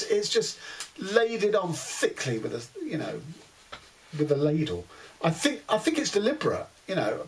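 A man's voice: a little high, gravelly, slight background noise, poor audio. A man giving a casual book review, wry and exasperated, with many fillers.

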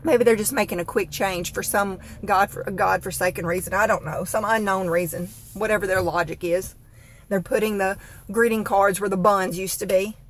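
A woman's voice: medium pitch, fairly even intonation, moderate pace, a little hiss or hum. A woman telling an exasperated, dramatic comic rant with expressions. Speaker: comedic vlogger.

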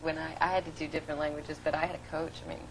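Female actress guest, slightly low voice, lively and chatty; faint hiss on old TV tape. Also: very fast, gravelly. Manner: chatty, animated storytelling. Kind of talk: casual TV interview. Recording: noisy low-quality TV recording.

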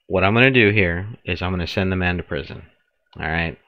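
A man's voice: deep voice, fairly quick, no echo, highs cut off. A man casually commenting on his gameplay, thinking aloud with restarts and jokes. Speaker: gameplay streamer.

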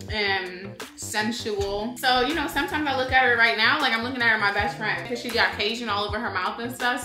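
A young woman co-hosting a casual eating chat, candid and laid-back with a joking streak. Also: on the high side. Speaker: co-host. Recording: echoey room with music behind. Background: background music.

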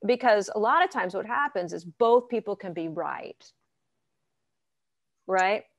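A woman therapist answering interview questions in a lively, conversational way, acting out what clients say. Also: medium pitch, unhurried, no room sound. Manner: lively, acts out clients' arguments in quotes. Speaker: therapist guest.

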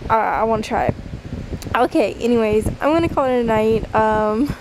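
A woman's voice: a little high, darkish tone, a little hiss or hum, low-quality recording. A woman vlogging casually at home at night, full of fillers and restarts as she talks. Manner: stammering, restarting, lots of fillers. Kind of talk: casual vlog chat.

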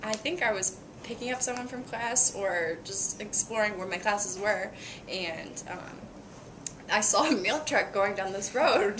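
Young college girl, giggly and animated, rambles through a story, some hiss behind. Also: mid-range voice, unhurried. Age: young adult. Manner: giggly, animated, lots of fillers. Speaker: college soccer goalkeeper, interview guest. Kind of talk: casual storytelling in an interview.

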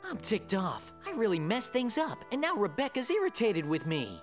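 A woman's voice: mid-range voice, very animated, moderate pace, soft background music, lightly acted. A woman voicing an eager, loyal young male guide dog in a cartoon, earnest and a little clumsy.

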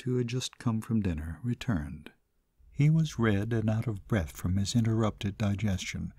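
A man narrating a classic short story in a measured, somber way. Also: on the low side, a little mellow, husky, no room sound, studio quality. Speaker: audiobook narrator.

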